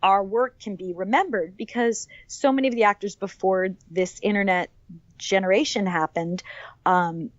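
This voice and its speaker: A woman's voice: mid-range voice, no room sound, lo-fi sound. A woman in her fifties, an actress being interviewed for a podcast, talking with enthusiasm and rambling through many fillers and restarts. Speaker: actress guest.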